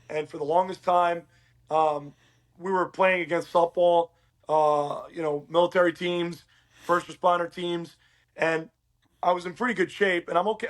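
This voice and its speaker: A middle-aged Uruguayan man with a high voice, appearing as a podcast guest, tells his story casually and with lots of animation, acting out the dialogue he quotes.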